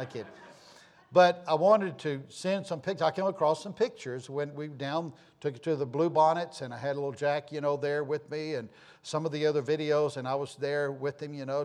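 A man pastor telling folksy stories and announcements in church, rambling with many fillers and restarts. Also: a little high. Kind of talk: informal sermon announcements and storytelling.

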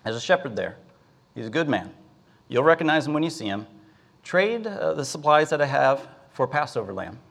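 An earnest father in a told Bible story walks his son through a list of errands in a plain, steady voice, as a preacher puts him on. He delivers his instructions patiently and in order. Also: mid-range voice, normal speed, creaky, exaggerated voice.

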